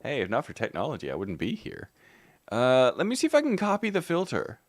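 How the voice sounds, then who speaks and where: A man's voice: medium pitch, wildly swooping pitch, brisk, no echo. A man streaming live, greeting his chat by name and muttering to himself while he fixes his tech.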